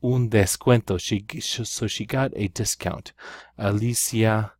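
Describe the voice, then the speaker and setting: A man's voice: lowish voice, measured pace, darkish tone. A man teaching a Spanish grammar lesson, walking through exercises step by step and often checking in with "right?". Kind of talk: recorded classroom lesson.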